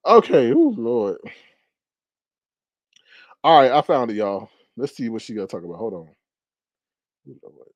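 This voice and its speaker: A man's voice: medium pitch, creaky, breathy edge, no room sound. A man hosting a casual livestream gossip show, chatting and laughing as he talks straight to his viewers. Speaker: YouTube commentary host.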